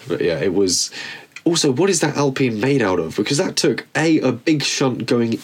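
A man's voice: mid-range voice, expressive, fairly quick, breathy edge. A man co-hosting a podcast, chatting casually and rambling with restarts. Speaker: podcast co-host. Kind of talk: casual chat.

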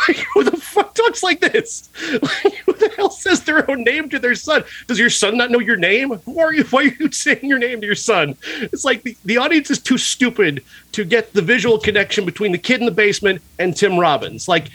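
A man co-hosting a casual film review podcast, talking in an animated, profane, mocking way and laughing often. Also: very high voice, fairly quick, husky, no room sound. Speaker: podcast co-host.

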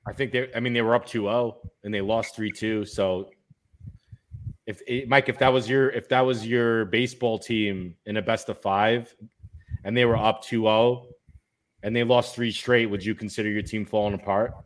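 Animated man with emphatic tag questions. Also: on the low side, moderate pace. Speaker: co-host of a bowling talk show. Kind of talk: casual sports chat.

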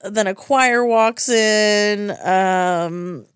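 A woman's voice: mid-range voice, very slow, clean tone, dry recording. A woman co-hosting a podcast, animatedly retelling a TV episode and acting out the characters' lines with casual swearing, recorded in a studio. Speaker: podcast co-host.

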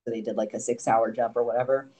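A man's voice: mid-range voice, little pitch movement, fast, mellow. A man guesting on a podcast, telling a long story in a loose, rambling way, full of fillers, casual swearing and little laughs. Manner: laughs often between remarks.

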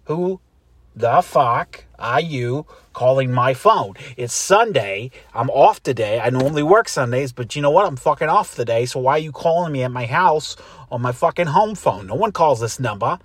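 A man voicing a furious, foul-mouthed middle-aged man ranting and yelling on the phone in a comedy sketch. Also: medium pitch, animated, normal speed, husky, no room sound. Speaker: prank caller character.

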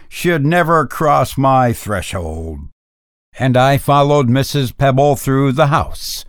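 A man narrating a first-person ghost story in a dramatic, expressive reading. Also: medium pitch, creaky, no room sound, clean studio sound.

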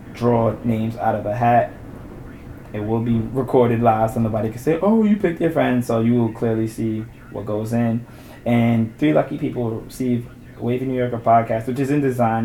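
A man's voice: medium pitch, mellow, a little hiss or hum. A man hosting his own solo podcast, talking casually in a loose, chatty way and repeating himself. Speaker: podcast host. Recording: echoey room.

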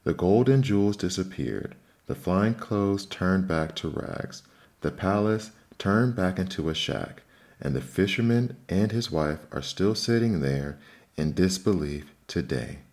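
A man reading fairy tales aloud in steady, measured storybook narration. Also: low-pitched. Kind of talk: fairy tale read-aloud.

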